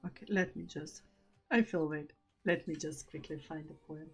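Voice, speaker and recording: A woman's voice: low voice, moderate pace, breathy edge, faint music behind. A woman hosting a live stream in casual chat, often laughing at herself and reading her own poems aloud. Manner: giggly, self-conscious, breaks into laughter. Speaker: streamer host.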